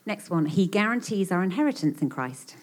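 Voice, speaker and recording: A woman's voice: lowish voice, big pitch swings, brisk. A woman co-teaching a session at a church retreat, encouraging listeners and reading list points in turn. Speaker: retreat speaker. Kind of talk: sermon teaching.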